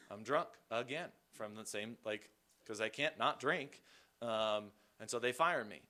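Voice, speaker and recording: A man's voice: fairly low pitch, measured pace, bright, forceful tone. A man giving a personal recovery testimony at a meeting, candid and self-deprecating, rambling loosely with many fillers.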